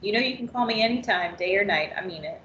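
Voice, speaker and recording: A woman's voice: mid-range voice, fast talker, lo-fi sound, slight background noise, natural voice. Brief: reassuring middle-aged aunt, read by a woman trainer, roomy call audio. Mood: gentle. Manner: gentle, reassuring.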